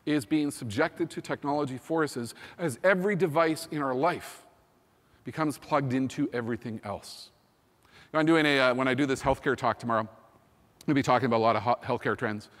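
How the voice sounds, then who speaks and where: A man in his fifties giving a keynote talk, energetic and emphatic, often repeating "think about" and "you know". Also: medium pitch, a little fast. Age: 50s. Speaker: keynote speaker. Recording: long hall reverb.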